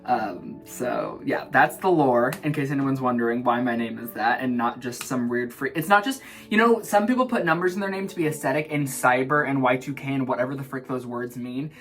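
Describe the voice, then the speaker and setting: A man's voice: mid-range voice, fairly quick, few pauses, faint music behind. Giggly rambling young man in the shower. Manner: animated, giggly and self-mocking. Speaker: vlog host. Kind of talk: rambling stream-of-consciousness chat. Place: in the shower at home.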